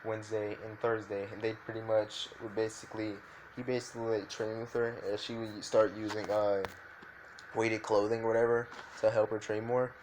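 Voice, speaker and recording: A man's voice: lowish voice, little pitch movement, normal speed, darkish tone, slight background noise. A man improvising a fan fiction story, rambling loosely with many fillers and restarts.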